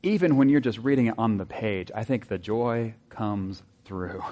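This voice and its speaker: A man preaching a sermon in a conversational way, asking his listeners rhetorical questions and dropping into soft asides. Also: on the low side, normal speed. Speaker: pastor.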